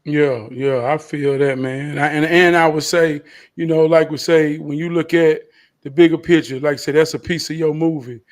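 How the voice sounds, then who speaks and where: A man hosting a podcast, responding in a calm, reflective, encouraging way. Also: a little high, normal speed. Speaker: podcast host. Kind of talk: reflective casual chat.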